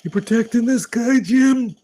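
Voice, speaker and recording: A man voicing a condescending male police officer who taunts and needles in a high, strained put-on voice. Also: unhurried, warm tone. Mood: sneering.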